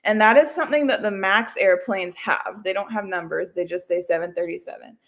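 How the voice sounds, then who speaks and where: A woman with a medium-pitched, gravelly voice hosts a casual livestream, talking fairly quickly. She rambles and chats, laughs often, and pokes fun at herself.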